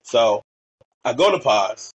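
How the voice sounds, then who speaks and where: A man's voice: mid-range voice, very animated, takes it slowly, husky, dry recording, muffled recording. A young man from Portland, Oregon, a podcast guest telling stories in a rambling way, full of fillers and acted-out quotes. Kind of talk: casual storytelling chat.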